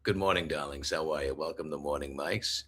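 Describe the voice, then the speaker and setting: Figure: man putting on a throaty New York smoker. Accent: New York outer-borough. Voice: very low, husky, bright. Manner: drawling, laid-back. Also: brisk. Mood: schmoozing. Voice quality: deep, throaty. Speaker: fill-in host persona.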